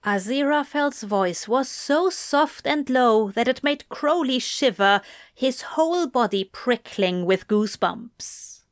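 Woman, story reader, slow pace, intimate tone. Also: a little high, smooth. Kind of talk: reading fan fiction aloud.

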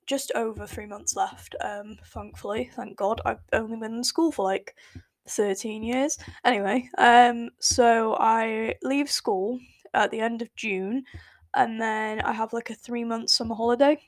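A woman's voice: fairly high pitch, dry recording. An eighteen-year-old English woman with an English accent, chatting casually on her solo podcast in a rambling, self-correcting way full of fillers. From England. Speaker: podcast host.

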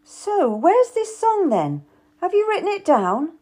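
A woman's voice: very high-pitched, very animated, a little slow, mellow, pitched above the performer's own voice, exaggerated voice. A woman voicing an earnest, hardworking young lady-in-waiting who protests. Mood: protesting.

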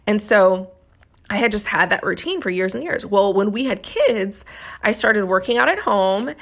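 A woman's voice: medium pitch, animated, moderate pace, vocal fry, fairly bright tone. A woman in her thirties hosting a podcast, telling a candid, self-critical story about her mornings as a mother. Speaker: podcast host.

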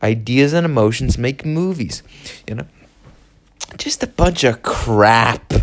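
A man's voice: mid-range voice, expressive, takes it slowly. A young man hosting his own show, rambling through an irritable, sarcastic solo rant. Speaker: podcast host. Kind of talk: solo ranting monologue.

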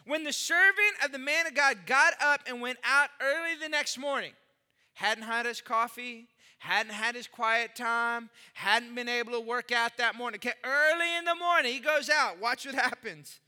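A man preaching a sermon as pastor, energetic and speaking directly to the congregation, moving between loud bursts and quiet intensity. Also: very high-pitched, moderate pace, big-room sound.

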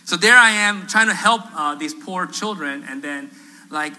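A male pastor telling a story in a sermon, animated and self-deprecating, acting out the voices of the people in it. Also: a little high, unhurried, rough recording. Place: church sanctuary.

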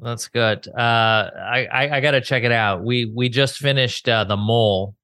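A man's voice: mid-range voice, unhurried, sharp tone, dry recording. A man co-hosting a podcast in casual chat, rambling and thinking aloud with many fillers. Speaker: podcast co-host.

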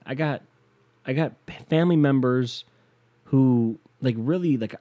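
A man's voice: mid-range voice, unhurried, warm tone. A man from the United States doing a solo comedic rant, profane, rambling and self-mocking.

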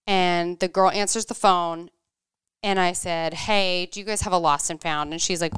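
A woman in her thirties tells a story on a podcast in an animated way, playing out each quoted line. Her voice is very smooth and crisp. The room is dry and close. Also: on the low side, moderate pace, no room sound. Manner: animated, acts out quoted dialogue. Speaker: podcast co-host. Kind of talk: casual storytelling chat.

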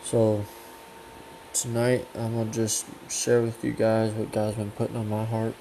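Man preaching casually at home, earnest and repetitive, mellow tone. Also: lowish voice, monotone, measured pace, a little hiss or hum, poor audio. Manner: earnest, repetitive, grows fervent and insistent. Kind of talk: casual sermon to camera.

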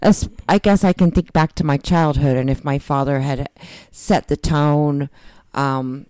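A woman's voice: deep voice, steady tone, a little slow, darkish tone, dry recording. A woman talking earnestly and a bit rambling in a casual recovery chat, often restarting her sentences.

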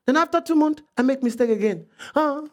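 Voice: sits high, lively intonation, brisk. A preacher putting on the voice of a struggling believer who pleads weakly and sounds defeated. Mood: pleading. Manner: whiny, defeated, quiet.

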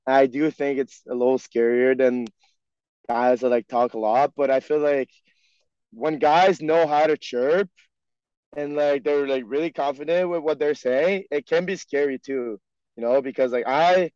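A man's voice: medium pitch, fairly even intonation, measured pace, darkish tone, clear, resonant tone, no echo. French Canadian man, rambling casual chat. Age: young adult. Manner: rambling, heavy on "like" and "you know". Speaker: guest, pro hockey player. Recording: dry, dull lo-fi sound.

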